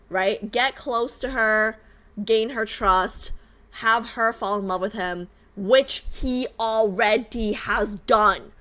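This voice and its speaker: A woman streamer chatting casually while reacting to a game, animated and emphatic, swearing freely and repeating herself. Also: medium pitch. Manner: swears casually, reads chat aloud.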